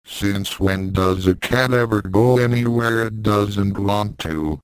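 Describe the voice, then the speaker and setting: A man's voice: on the low side, slow pace, smooth, no echo, low-quality recording. A man reading fan fiction aloud and voicing a sarcastic, mind-reading invisible cat with a dry, mocking manner. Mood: aloof.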